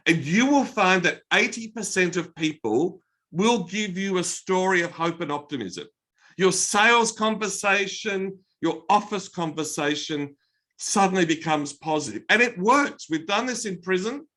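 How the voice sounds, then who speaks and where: A man's voice: high-pitched, a little slow. An Australian man giving a motivational keynote talk, telling stories with energy. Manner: energetic anecdotal storytelling. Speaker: keynote speaker.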